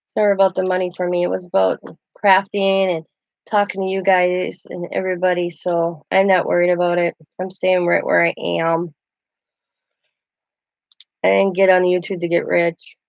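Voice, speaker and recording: A woman's voice: fairly low pitch, flat delivery, moderate pace, gravelly, darkish tone, no echo. A woman hosting a casual craft livestream, chatty and rambling as she talks to her chat while she works. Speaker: craft channel host. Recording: dull lo-fi dry sound.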